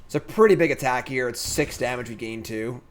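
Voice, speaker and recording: A man's voice: medium pitch, a little fast. Chatty man thinking aloud while streaming. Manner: chatty, thinks aloud, reads chat and answers it. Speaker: streamer playing a card game. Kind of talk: casual live-stream commentary.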